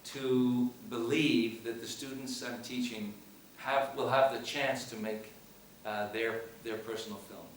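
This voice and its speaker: A man's voice: medium pitch, steady tone, unhurried, hardly any pauses, slight background noise. Man telling a story in an echoey hall. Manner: hesitant storytelling with many restarts. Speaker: film director and teacher. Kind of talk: public Q&A after a screening. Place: screening hall with audience. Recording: echoey hall, mic from far off.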